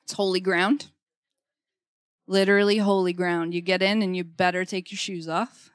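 A woman's voice: on the low side, level tone, normal speed, no echo, clean studio sound. A middle-aged woman preaching a conversational sermon. She speaks emphatically, repeats her key phrases and keeps checking in with "okay?".

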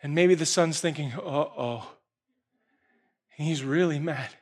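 A male preacher tells a parable during a sermon, moving from quiet, hushed storytelling to loud, emotional shouting. His voice is a little high, his intonation fairly even and his pace moderate.

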